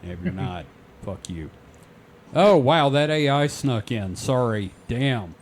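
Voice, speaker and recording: A man's voice: mid-range voice, lively intonation, measured pace, slight background noise. A man co-hosting a podcast in casual chat, joking and swearing freely. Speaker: podcast co-host.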